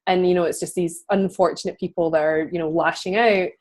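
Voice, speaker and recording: Chatty lower-voiced woman host. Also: steady tone, fairly quick, darkish tone. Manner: chatty storytelling with frequent fillers and laughs. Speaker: podcast host interviewing a guest. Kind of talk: casual conversational interview.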